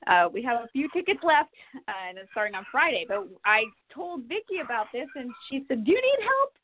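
A woman's voice: on the high side, fairly quick, no room sound. Effusive woman podcast host on a tinny line. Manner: animated, effusive, lively storytelling. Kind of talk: casual interview. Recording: tinny phone-like line with faint noise.

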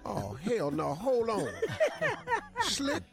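A male radio host drawls through a funny story at an easy, slow pace, his pitch lively and slightly high. He laughs his way through the tale. Faint music plays underneath. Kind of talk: casual storytelling banter.

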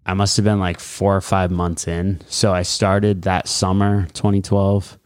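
Casting: man, late twenties, deep and very low, rambling casual storyteller, dry close sound. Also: little pitch movement, unhurried, clear, resonant tone, no room sound. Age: late 20s. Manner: rambling, many fillers and acted-out quotes. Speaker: guest, mixed martial arts fighter.

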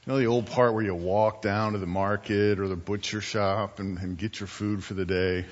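A man's voice: lowish voice, fairly even intonation, moderate pace. A man preaching a storytelling sermon in a church, drawing his listeners in with rhetorical questions. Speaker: guest preacher. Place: church sanctuary. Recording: dull church recording with long hall reverb.

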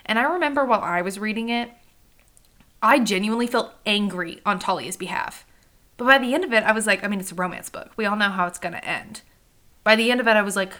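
A young woman with a bright, clear voice hosts a book podcast in a loose, chatty way. She acts out characters' lines as she talks and swears casually. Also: medium pitch, brisk. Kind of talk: casual chat.

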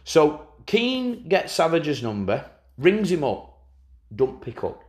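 A man co-hosting a casual football podcast, telling stories with a lively delivery and slipping into impressions. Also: a little high, takes it slowly, echoey room. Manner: lively storyteller, slips into impressions of people. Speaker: podcast co-host.

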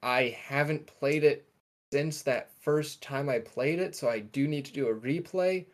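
This young co-host's voice sits a little high and moves at an unhurried pace as he chats on a podcast. Enthusiastic and rambling, he frequently corrects himself partway through sentences.

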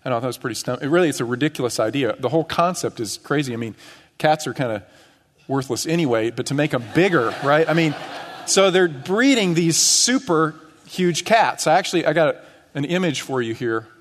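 Middle-aged guy preaching, earnest, gets emphatic then drops low, big church echo. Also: animated, fairly quick. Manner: earnest, rising to emphatic questions and dropping low on key phrases. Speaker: pastor. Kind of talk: sermon. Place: church sanctuary. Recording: long church reverb.

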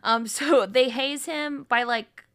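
Bright-voiced woman recapping a movie. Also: high-pitched, takes it slowly. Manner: chatty, laughing, recounts plot scenes. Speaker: podcast co-host. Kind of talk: casual movie recap chat.

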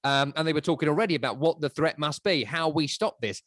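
A man's voice: fairly high pitch, quick pace, fairly bright tone, dry recording, studio quality. A man co-hosting a casual football podcast, opinionated and given to sweeping rhetorical riffs. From England. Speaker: podcast co-host.

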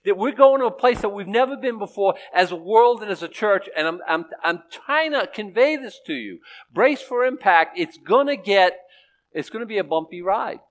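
A man preaching a sermon as pastor, swinging between loud urgency and hushed softness, often repeating and restarting phrases. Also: high voice, lively intonation, moderate pace, rough recording.

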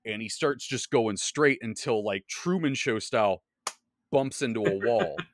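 As game master, a man rambles through a recap of a tabletop session for a casual storytelling podcast, filling it with fillers and correcting himself. He speaks a little slowly at medium pitch, and the recording is dry, clean studio sound.

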